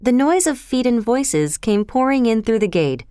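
A woman reading a story aloud in a measured, clear audiobook narration. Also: a little high, very animated, dark tone, no echo, clean studio sound.

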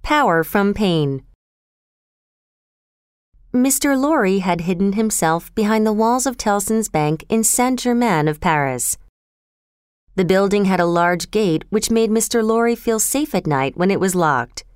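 A woman reading a story aloud in a measured, clear audiobook narration. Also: mid-range voice, animated, no echo, studio quality.

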